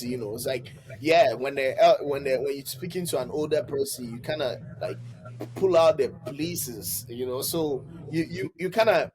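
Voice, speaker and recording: A man with a somewhat high voice co-hosting a casual podcast. He tells stories with energy and acts out the voices of the people in them. Faint noise sits behind him. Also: moderate pace. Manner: animated storyteller, acts out quoted voices. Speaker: podcast co-host.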